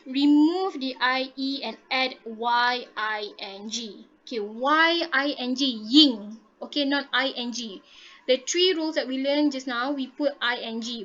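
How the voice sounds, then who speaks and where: A woman leads a grammar lesson, high in pitch, spelling out rules and checking in with "okay?" after nearly every step. Her voice comes through dull and lo-fi, as if over a muffled online-class connection. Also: a bit bright. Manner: patient, repeats and checks understanding with "okay?". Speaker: English teacher. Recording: dull lo-fi audio.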